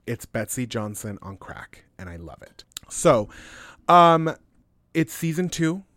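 A man's voice: mid-range voice, very animated, slow, a bit bright, no room sound. An American man co-hosting a podcast, talking in a profane, emphatic, opinionated way. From United States. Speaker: podcast co-host. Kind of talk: casual chat.

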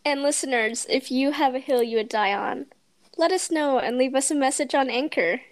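A woman's voice: high-pitched, normal speed. A woman co-hosting a podcast, chatting casually and reacting to stories with laughs and short replies. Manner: responsive listener, laughs and backchannels. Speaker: podcast co-host. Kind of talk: casual chat.

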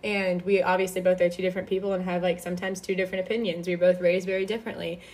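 Chatty young woman, lowish voice. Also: little pitch movement, racing, a little mellow. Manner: chatty, many fillers and restarts. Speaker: podcast host. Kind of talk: casual faith-based advice talk.

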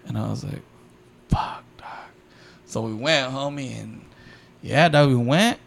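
Young dude on a podcast, gravelly voice, cussing and slangy, telling a story, faint hiss and room sound behind. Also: male voice, mid-range voice, normal speed. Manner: slangy, swears a lot, acts out the voices in his stories. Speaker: podcast host. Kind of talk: casual storytelling.

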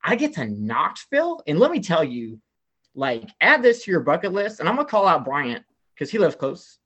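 A young man from the American South telling an excited story in casual chat, filling his talk with "like" and acting out what people said. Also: a little high, moderate pace, husky. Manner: excitable storyteller, heavy "like" filler, acts out quotes. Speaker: guest telling a travel story.

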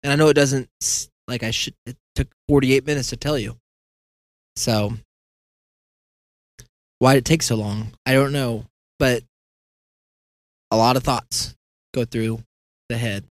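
A man's voice: medium pitch, steady tone, measured pace, pauses often, dry recording. A man hosting a podcast, telling a long meandering story in a casual, self-deprecating way and acting out the conversations he recounts. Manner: meandering, self-deprecating, acts out quoted dialogue. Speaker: podcast host. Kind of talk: casual rambling monologue.

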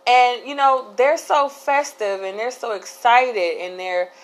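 A woman's voice: a little high, slow, poor audio. A woman hosting a casual solo podcast, talking candidly in a rambling way with frequent restarts. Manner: candid, rambling, laughs between thoughts. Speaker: podcast host.

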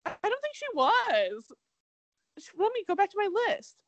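A young woman co-hosting a casual podcast, recapping a reality show in an animated, swearing way. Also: very high voice, normal speed, no echo, highs cut off. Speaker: podcast co-host.

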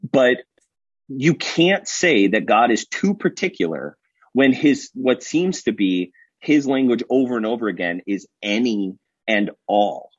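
A man's voice: mid-range voice, expressive, unhurried, slightly rough, no room sound. A man, a guest pastor, talking animatedly in a casual podcast discussion and acting out quotes as he tells a story, in a slightly muffled lo-fi recording.

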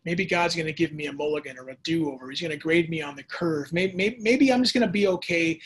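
A man preaching a sermon as pastor, lively and conversational, acting out voices and adding casual asides. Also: on the high side, fast talker, breathy edge. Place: church or home setting during the pandemic.

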